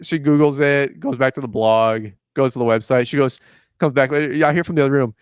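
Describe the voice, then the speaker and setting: Young guy hosting a podcast, chatty and animated, smooth voice, dry sound. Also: mid-range voice, fast, dry recording. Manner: animated storyteller, acts out dialogue, says "like" often. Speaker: podcast host. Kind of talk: casual chat.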